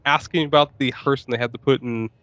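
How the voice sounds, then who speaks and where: A man's voice: medium pitch, steady tone, fast, fairly bright tone, no echo. Podcast co-host, man; jokey, laughs easily, curses, dry close-miked sound. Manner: laughing, jokey, swears a lot. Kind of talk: casual chat about a movie.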